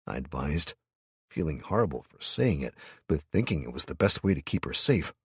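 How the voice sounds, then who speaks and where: A man narrating a first-person audiobook with a gruff, muttering delivery. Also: very deep voice, lively intonation, normal speed, no room sound, clean studio sound.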